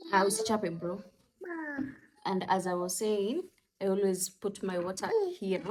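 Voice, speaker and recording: Lively mom vlogging. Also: female voice, medium pitch, slow, long pauses, noisy background. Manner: chatty, mixes English with Swahili, coos at her toddlers. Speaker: parenting vlogger and mother. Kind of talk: casual vlog chat.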